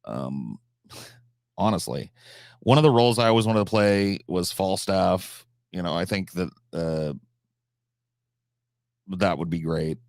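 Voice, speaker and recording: A man's voice: low voice, animated, slow pace, pauses often, no echo, studio quality. A man chatting casually on a live stream, answering chat questions, swearing freely, with frequent restarts and fillers.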